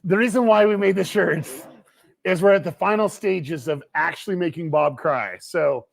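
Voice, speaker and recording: A man hosting a livestream, telling a story with lively quoted dialogue. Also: sits high, moderate pace, gravelly. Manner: animated storyteller, quoting others. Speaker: livestream host. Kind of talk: excited livestream chat.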